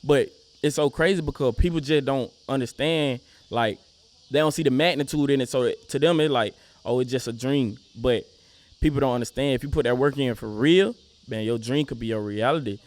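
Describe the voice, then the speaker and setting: A man's voice: medium pitch, a little fast, darkish tone. A young man with a Southern US accent, a rapper talking casually as an interview guest, laid-back and full of "you know what I'm saying".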